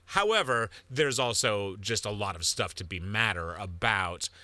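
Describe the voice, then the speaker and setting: Rambling bright-voiced man, chatting. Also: on the low side, animated, no room sound. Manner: rambling, halting, laughs often. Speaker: podcast co-host. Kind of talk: casual comedic chat.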